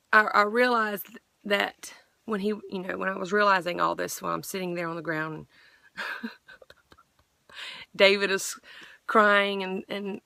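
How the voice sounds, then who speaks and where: A woman's voice: mid-range voice, gravelly, bright, forceful tone, no echo. A middle-aged woman earnestly sharing a personal faith testimony, rambling with frequent restarts.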